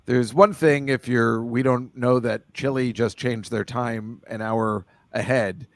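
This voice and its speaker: A man's voice: mid-range voice, steady tone, takes it slowly, no room sound. A man hosting a casual football picks chat over a video call, rambling loosely and laughing often. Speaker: host.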